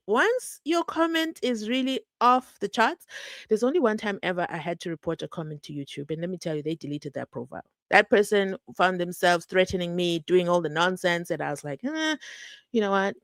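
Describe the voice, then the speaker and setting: Chatty animated woman live-streaming. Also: fairly low pitch, no echo. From South Africa. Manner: animated, chatty, breaks into laughs and asides. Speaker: true crime channel host. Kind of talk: casual live-stream chat.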